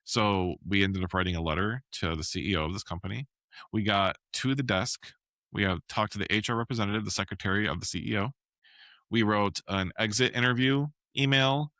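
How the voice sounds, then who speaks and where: A man with a bright, forceful tone and a somewhat low pitch speaks bluntly on a podcast. He sounds indignant and swears without holding back. The recording is dry and close, with no room sound. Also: brisk, no room sound. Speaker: podcast co-host. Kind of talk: casual chat.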